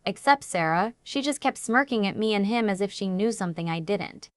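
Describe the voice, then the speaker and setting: A woman reads a dramatic first-person story aloud as an audiobook narrator. Her pitch sits in the middle and her delivery stays even and steady. The recording is close and dry. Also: a little fast, dry recording.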